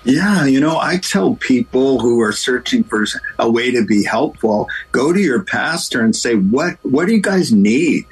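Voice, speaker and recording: A middle-aged male pastor telling a story as a guest in a radio interview, animated and playing out the voices of the people in it. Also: medium pitch, unhurried, few pauses, slightly rough, poor audio.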